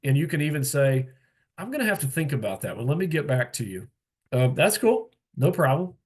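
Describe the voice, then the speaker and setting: A man who is a pastor, mentoring young pastors in a relaxed, conversational teaching talk full of fillers and asides, heard over a video call. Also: on the high side, fairly quick. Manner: relaxed and plain-spoken, with frequent fillers and asides.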